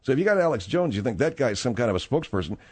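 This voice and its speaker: Animated, rambling male radio host. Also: mid-range voice, rapid-fire, breathy edge. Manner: rambling and animated, with frequent fillers. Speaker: radio talk-show host. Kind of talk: casual talk-radio banter.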